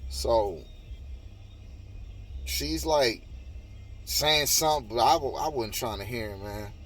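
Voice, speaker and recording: A man's voice: mid-range voice, slow pace, a bit bright. A man telling a heated, profane story in a casual monologue, repeating himself and swearing often. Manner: profane, heated, repetitive retelling.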